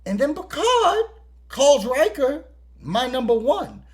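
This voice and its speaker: With a very high voice and an unhurried pace, a male podcast host goes over a TV episode. The recap is lively and full of profanity, and he acts out scenes along the way.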